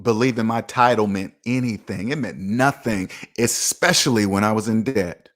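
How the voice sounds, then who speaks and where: A man's voice: on the low side, moderate pace. A man giving a casual motivational monologue as a personal finance vlogger, repeating points for emphasis and speaking straight to his viewers. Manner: emphatic, repeats himself for effect; preachy, talks straight to viewers.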